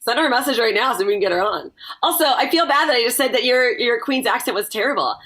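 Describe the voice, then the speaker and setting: A woman's voice: fairly high pitch, lively intonation, fast talker, fairly bright tone. A woman comedian chatting as a guest, telling stories in a brash, profane way. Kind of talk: casual podcast chat.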